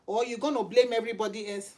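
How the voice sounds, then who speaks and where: A woman's voice: a little high, steady tone, quick pace, mellow. A middle-aged woman with a Nigerian accent, preaching informally and emphatically, firing off repeated rhetorical questions. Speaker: channel host and lay preacher.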